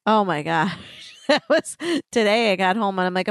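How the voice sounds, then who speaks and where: A middle-aged woman co-hosts a podcast, chatting casually and telling stories while laughing often. Her mid-range voice is smooth and moves at normal speed. The studio-quality recording is dry.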